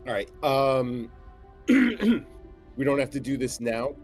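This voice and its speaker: A man's voice: medium pitch, very animated, takes it slowly, darkish tone, soft background music. A man playing a tabletop game, asking politely and tentatively. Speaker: player. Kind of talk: casual chat at a game table.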